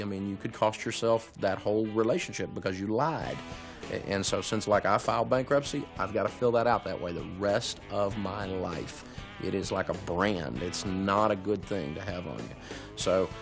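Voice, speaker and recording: A man speaks in a low, earnest voice, laying out his advice in a plain and measured way. The tone stays steady and sincere. Soft guitar music plays faintly behind him. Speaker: speaker giving money advice.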